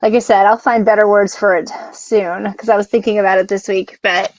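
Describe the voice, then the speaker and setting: A woman's voice: medium pitch, steady tone, fairly quick, no room sound. A woman co-hosting a casual live stream, rambling, laughing often and tripping over her words. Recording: dull, dry lo-fi sound.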